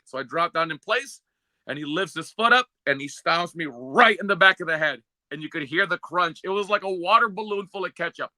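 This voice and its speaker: A man's voice: fairly high pitch, fast, no echo. A man on a casual podcast, a co-host and former wrestler telling stories and acting out the other people in them. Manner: lively storyteller, acts out the other people in his stories.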